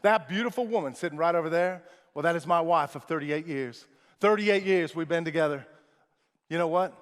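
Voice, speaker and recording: A man voicing a brash, proud male businessman in his seventies who talks insistently and loudly, in an echoey large hall. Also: fairly high pitch, a little fast, natural voice. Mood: boastful. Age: 70s. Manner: insistent, challenging, loud.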